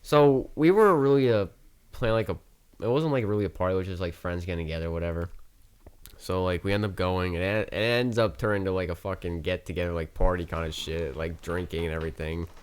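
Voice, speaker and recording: Low-voiced young man telling a rambling story. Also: quick pace, smooth. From New Jersey. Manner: rambling, filler-heavy, profane anecdote telling. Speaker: podcast guest. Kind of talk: casual chat storytelling.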